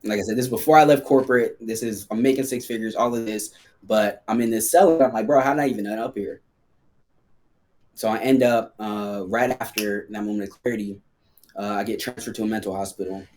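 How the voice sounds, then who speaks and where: A man's voice: fairly low pitch, fast talker, a little mellow. A man guesting on a podcast, telling a personal story in a casual, slangy way full of fillers.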